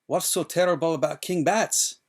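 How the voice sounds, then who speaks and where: A man doing a desperate shouting swordsman. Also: a little high, normal speed, natural voice. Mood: urgent. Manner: shouted urgent commands. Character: desperate swordsman, fierce and commanding in the dark.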